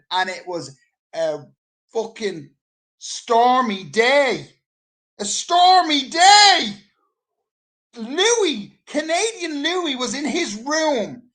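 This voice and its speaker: Animated, swearing Irish man. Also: high-pitched. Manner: animated, profane, rambling storyteller. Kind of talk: casual anecdote telling.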